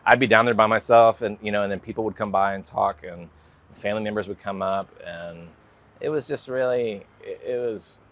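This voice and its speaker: American man, lowish voice, rambling casual talk, many fillers. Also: a little fast, fairly bright tone. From United States. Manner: rambling, full of "like" and "you know" fillers. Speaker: guest artist.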